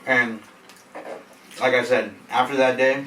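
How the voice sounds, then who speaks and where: A young man casually telling a work story, animated and laughing, full of fillers and swearing. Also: medium pitch, takes it slowly. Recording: echoey room from a distance, faint noise.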